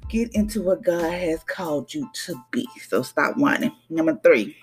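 A woman's voice: deep voice, lively intonation, normal speed, faint music behind. Woman giving a casual podcast devotional. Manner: conversational, preachy, acts out voices with laughs.

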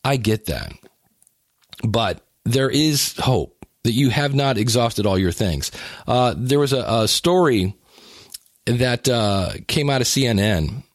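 A man's voice: medium pitch, animated, slow, no echo, studio quality. A man talking casually about exercise and weight loss, with joking, self-deprecating asides and frequent restarts. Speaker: health and weight-loss talker. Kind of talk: casual monologue.

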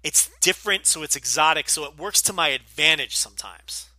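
A man's voice: fairly high pitch, brisk, pushed and bright, no echo. A man with a light New Jersey accent hosting a casual podcast Q&A, talking bluntly and profanely, full of opinions and asides. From Northeastern US, New Jersey. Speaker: podcast host.

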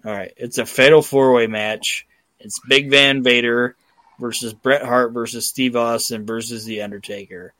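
A man's voice: mid-range voice, normal speed, no room sound. A man hosting a podcast, telling stories in casual chat with lots of swearing and acted-out quotes. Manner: excited, profane storytelling with acted-out quotes. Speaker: podcast host.

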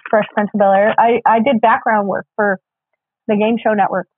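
A woman's voice: medium pitch, little pitch movement, normal speed, no room sound. Woman chatting over a tinny line. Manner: laid-back, chatty, many fillers. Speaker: podcast guest, background actor. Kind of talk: casual chat. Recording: tinny phone-like sound.

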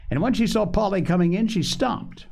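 A man reading a children's storybook aloud as narrator in an expressive, animated way. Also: high-pitched, normal speed, creaky.

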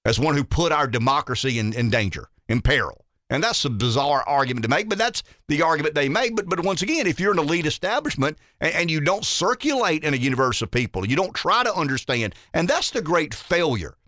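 A man's voice: on the high side, big pitch swings, a little fast, few pauses, pushed and bright, no echo, clean studio sound. A man hosting a talk radio show, delivering an emphatic, opinionated political monologue and often repeating words as he builds a point.

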